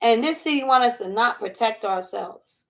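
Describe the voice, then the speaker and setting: A woman chatting casually over dinner as a vlog host, animated, laughing often and riffing through asides. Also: fairly high pitch, moderate pace. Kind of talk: casual chat while eating dinner.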